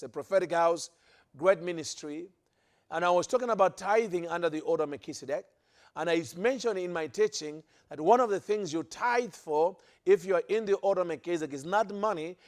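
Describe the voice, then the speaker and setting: A man with a notably high voice delivers a sermon-style teaching to his listeners. He hammers points home by repeating phrases, and he often breaks off and restarts his sentences mid-thought. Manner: emphatic, repeats phrases for stress. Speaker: preacher.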